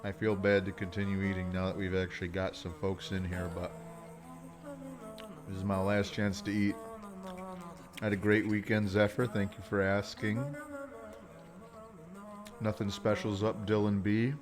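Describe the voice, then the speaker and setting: A man's voice: on the low side, flat delivery, normal speed, long pauses. A man streaming a video game live, chatting casually and thanking his viewers as he plays at home on a desk mic. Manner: chatty, reads and thanks chat. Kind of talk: casual live-stream chat while gaming. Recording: game music playing underneath. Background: game music.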